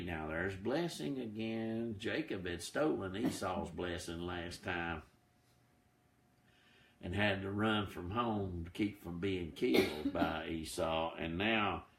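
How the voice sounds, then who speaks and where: A man teaching an informal Bible study, in a chatty, unhurried way with many fillers and restarts, now and then quoting scripture. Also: low-pitched, a bit bright, reverberant.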